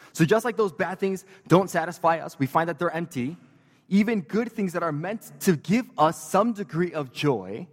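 Casual pastor preaching in a reverberant hall. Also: male voice, a little high. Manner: conversational and joking, with casual fillers. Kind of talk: sermon.

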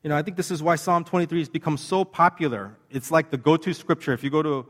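A man delivering a sermon with a somewhat high voice, talking earnestly and conversationally to his congregation. His words ring out with a long reverb, as in a large hall. He slows right down and leans on each phrase when he reads scripture. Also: a bit bright. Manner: earnest, conversational preaching with slow emphatic scripture reading. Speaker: pastor.

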